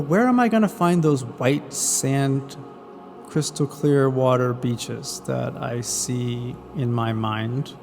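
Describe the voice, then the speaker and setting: A man narrating a travel vlog in a relaxed, friendly way, speaking straight to viewers. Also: mid-range voice, vocal fry.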